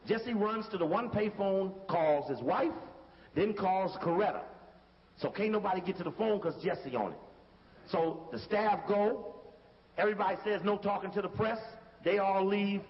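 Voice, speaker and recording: A man's voice: sits high, moderate pace. Man, emphatic lecturer, commentary over footage, repeats himself, echoing hall, dull lo-fi sound. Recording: dull recording from a hall with faint hiss.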